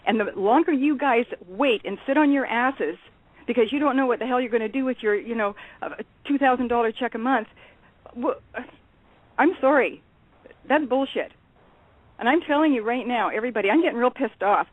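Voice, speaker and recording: A woman's voice: fairly high pitch, fairly quick, dry recording. Fiery woman ranting over a phone line. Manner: blunt, profane, urgent. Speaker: guest. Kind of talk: impassioned call-in rant. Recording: tinny phone line, dry.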